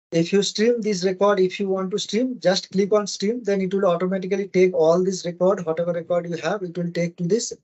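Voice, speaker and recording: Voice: mid-range voice, darkish tone, muffled recording. A speaker giving a casual screen-share tech tutorial, often checking in with the viewers. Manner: casual, often asks "right?" and addresses "guys". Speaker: cloud tech tutorial instructor.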